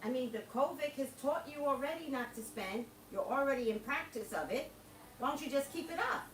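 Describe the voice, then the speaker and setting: A woman's voice: high-pitched, expressive, fairly quick, reverberant, recorded from a distance, slight background noise, poor audio. A woman hosting a livestream, talking casually and passionately to her viewers, laughing often. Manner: impassioned, preachy, laughs often. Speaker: livestream host.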